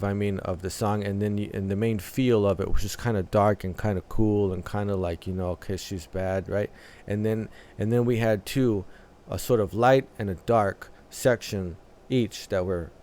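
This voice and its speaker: A man hosting a music reaction channel, talking through a track in a thoughtful, analytical way with many filler pauses. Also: lowish voice, a little mellow.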